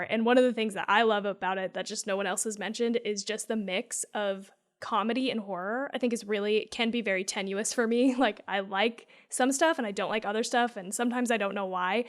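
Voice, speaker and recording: A woman talking casually on a podcast about a horror comedy she loves. She is chatty and laughs often between her points. Her voice sits at a middling pitch for a woman. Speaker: podcast host. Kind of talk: casual movie chat.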